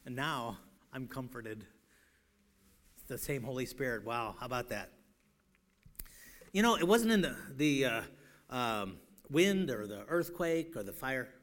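A male preacher giving an evangelistic sermon in a church, shouting one moment and pleading softly the next, often repeating himself. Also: mid-range voice, big pitch swings, unhurried, long pauses. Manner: swings from shouting to hushed, pleading; repeats words and restarts. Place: church sanctuary.

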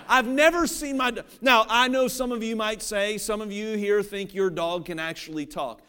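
A man's voice: high-pitched, normal speed, few pauses, bright, forceful tone, smooth. A man from Cincinnati, Ohio, preaching a sermon in a conversational, joking way and often checking that the audience follows along. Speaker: pastor.

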